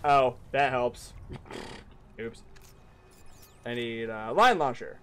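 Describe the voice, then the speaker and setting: A young man streaming a video game, chatting casually, swearing and yelling back at what happens on screen. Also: medium pitch, slow, clear, resonant tone. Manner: excitable, profane, talks back to the game. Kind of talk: casual gaming commentary.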